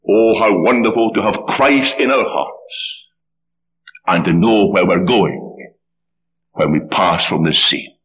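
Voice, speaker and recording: Animated preacher man telling a story. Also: slow pace, pauses often. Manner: animated, swinging pitch, dramatic storytelling. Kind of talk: sermon with storytelling.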